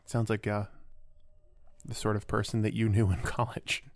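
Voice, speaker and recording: Deadpan male podcast co-host. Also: on the low side, moderate pace, no echo. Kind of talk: comedy podcast banter.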